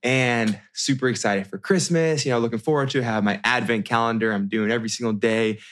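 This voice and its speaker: Animated man in his thirties. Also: mid-range voice, a little fast. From United States. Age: 30s. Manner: animated, many restarts and fillers. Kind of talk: casual storytelling.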